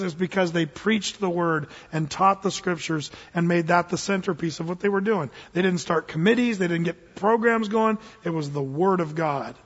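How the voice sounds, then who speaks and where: A middle-aged man preaching a sermon to his church, telling stories and jumping into loud impressions. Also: high-pitched, breathy edge. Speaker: pastor. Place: church sanctuary. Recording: dull lo-fi recording with long hall reverb.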